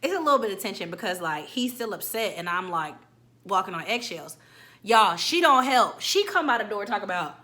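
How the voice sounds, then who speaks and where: Bright-voiced woman telling a story. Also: mid-range voice, brisk. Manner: animated, slangy, acts out quotes. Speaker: storytime vlogger. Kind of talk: casual storytelling.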